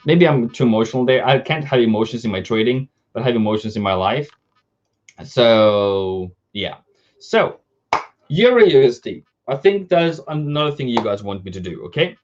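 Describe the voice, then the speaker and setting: Male forex streamer, mid-pitch, casual and animated, rambling through charts on lo-fi livestream sound. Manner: chatty, self-interrupting, reads viewer comments aloud. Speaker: forex trading livestream host. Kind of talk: live market analysis chat. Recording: slightly dull lo-fi stream audio.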